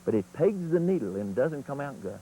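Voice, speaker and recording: A man with a mellow, dark voice gives a hunting lesson on camera. He talks in a folksy, plain-spoken way, and his pitch rises and falls a lot as he explains and demonstrates. A faint hiss sits behind him. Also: sing-song, fairly quick, low-quality recording. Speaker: turkey calling instructor. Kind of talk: instructional video demonstration.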